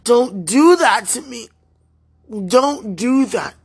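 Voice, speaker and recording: A tearful woman in an emotional spoken prayer, pleading in halting, repeated phrases. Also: a little high, expressive, breathy edge.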